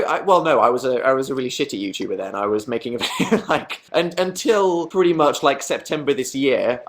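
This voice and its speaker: A man's voice: mid-range voice, a little hiss or hum. A young man from England chats straight to a webcam during a live stream. His voice sits in an ordinary middle range. He rambles through questions, teases himself and swears casually. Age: young adult. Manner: rambling, self-mocking, swears freely, breaks into laughs. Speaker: YouTuber answering live chat.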